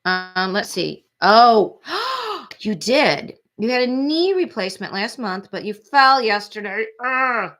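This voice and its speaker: Woman, forties, livestream host, rambling chatty manner, bright tense tone. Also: mid-range voice, expressive, measured pace, hardly any pauses. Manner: chatty, rambling, sympathetic with frequent laughs. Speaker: true crime livestream host. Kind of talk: casual livestream chat reading viewer comments.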